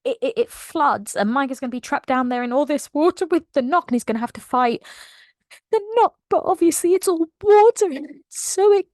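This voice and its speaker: A woman retells a novel's plot in a lively, gushing way, laughing often as she goes. Her voice sits fairly high. The sound is dry and close, with no room echo. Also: brisk. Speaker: book reviewer. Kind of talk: casual book recap.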